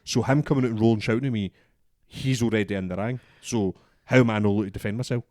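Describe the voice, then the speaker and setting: A man's voice: fairly low pitch, fairly even intonation, fast, darkish tone, dry recording, clean studio sound. A young Scottish man telling a story in casual podcast chat, swearing often and acting out both sides of the exchange. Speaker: podcast co-host.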